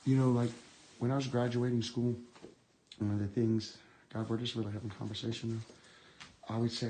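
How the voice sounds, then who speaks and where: A man streaming live from inside an abandoned building, talking to his viewers in a rambling, reverent murmur as he reads titles off the shelves. His voice sits at an ordinary middle pitch. The phone recording carries a clear hiss and scattered clicks. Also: little pitch movement, brisk, poor audio. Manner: musing, reads book titles aloud with hushed awe.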